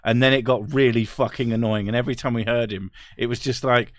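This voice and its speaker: A man's voice: medium pitch, a little fast, hardly any pauses, a bit bright, dry recording, studio quality. A young man streaming and reading out chat, swearing often and laughing as he talks. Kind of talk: casual live-stream chat.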